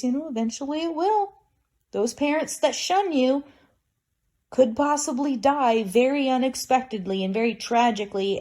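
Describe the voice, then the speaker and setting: A woman's voice: medium pitch, warm tone. A woman talking straight to camera in an emotional personal vlog, bitter and raw, with wry laughs between her points. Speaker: vlogger.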